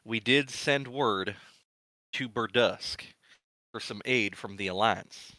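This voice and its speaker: A man's voice: lowish voice, takes it slowly, sharp tone, dry recording. Man voicing a concerned town governor. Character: concerned middle-aged male town governor.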